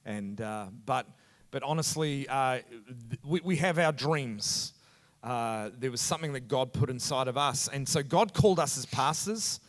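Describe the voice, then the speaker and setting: On a church hall stage, with the hall's reverb echoing, a middle-aged pastor from New Zealand chats earnestly in his native accent. His mid-range voice is expressive and moves at a moderate pace.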